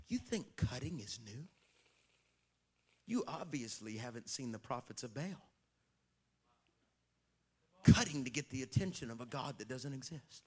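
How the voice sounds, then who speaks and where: A man preaching a sermon, telling stories and calling out to the crowd, with sudden swings from shouting to hushed whispers. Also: mid-range voice, sing-song, unhurried, long pauses, slightly rough. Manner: storytelling, calls out to the crowd.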